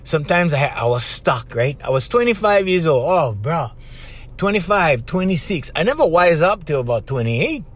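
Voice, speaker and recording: A man's voice: on the high side, moderate pace. A middle-aged man from Hawaii with a Hawaiian Pidgin accent, hosting a casual motivational podcast and chatting straight to his listeners. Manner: animated, chatty, addresses listeners directly with 'bruh' and 'right?'. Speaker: podcast host.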